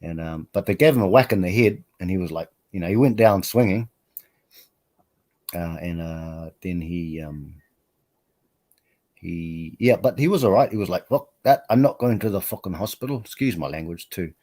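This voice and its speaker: A man's voice: low voice, normal speed, long pauses, darkish tone. A man hosting a live stream, chatting casually in a rambling, self-deprecating way and laughing often. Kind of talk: casual chat.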